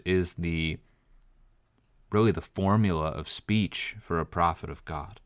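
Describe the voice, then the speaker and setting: A man preaching a Bible study sermon, explaining scripture with emphatic, measured delivery and reading verses slowly. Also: low voice, no room sound, studio quality.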